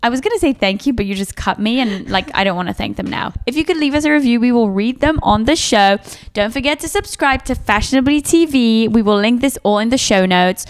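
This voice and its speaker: Podcast co-host: a blunt woman with a slightly high voice, dry teasing, casual. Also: brisk. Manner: blunt, swears freely, deadpan teasing. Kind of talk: casual chat.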